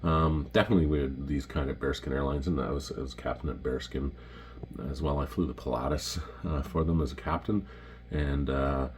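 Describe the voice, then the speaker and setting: A middle-aged Canadian man with a Canadian accent, telling casual stories about his flying days and pausing often with ums and restarts. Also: very deep voice, steady tone, darkish tone, a little hiss or hum. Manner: rambling, many ums and restarts. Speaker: retired pilot showing his patches. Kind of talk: casual storytelling to camera.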